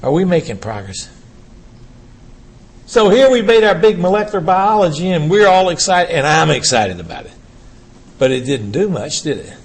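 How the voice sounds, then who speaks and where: An older man giving a urology lecture to an audience, emphatic and animated, firing rhetorical questions at the room. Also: a little high, moderate pace, long pauses, husky.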